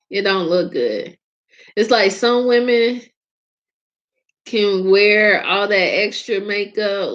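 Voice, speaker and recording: Slow-talking Southern woman, laughing a lot. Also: medium pitch, lo-fi sound. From Georgia, US South. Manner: rambling, laughs often, drawn-out words. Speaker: host. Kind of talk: casual chat.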